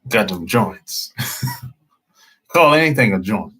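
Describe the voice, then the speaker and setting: A man talking casually as a dating coach, slow and drawling, often breaking into laughter. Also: medium pitch, sing-song, a bit bright, husky. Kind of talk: casual live-stream talk.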